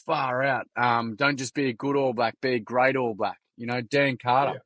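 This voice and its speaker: An Australian man, a podcast guest, chatting casually as an animated storyteller with plenty of slang, swearing and restarts. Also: mid-range voice, moderate pace, no room sound. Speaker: podcast guest, youth workshop founder. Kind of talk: casual interview chat.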